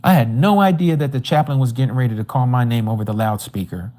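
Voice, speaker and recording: A man's voice: mid-range voice, quick pace, dark tone. A man giving a personal testimony at a religious study, telling his story animatedly and acting out the dialogue. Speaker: Bible study teacher. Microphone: livestream microphone.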